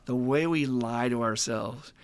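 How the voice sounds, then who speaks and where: A man hosting a podcast, telling stories in a casual, animated and profane way. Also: medium pitch, a little slow, clear, resonant tone. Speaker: podcast host. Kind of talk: casual chat.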